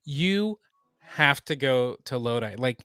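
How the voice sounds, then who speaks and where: A man's voice: mid-range voice, expressive, slow, a bit bright, clear, resonant tone, dry recording, clean studio sound. A man co-hosting a pop-culture podcast, sounding hyped and upbeat. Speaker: podcast co-host. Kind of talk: casual chat.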